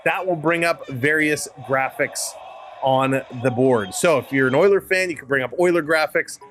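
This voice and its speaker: Hosting a live hockey stream, this man with a Canadian accent speaks on the high side with a fairly bright tone. Between game calls he cheerfully greets chatters by name while calling the play-by-play.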